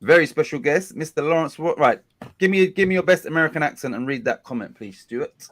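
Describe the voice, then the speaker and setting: A man's voice: a little high, lively intonation, brisk. Rambling man hosting a stream. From England. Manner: rambling, chatty, self-correcting. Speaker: watch-along host. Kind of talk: casual live-stream chat.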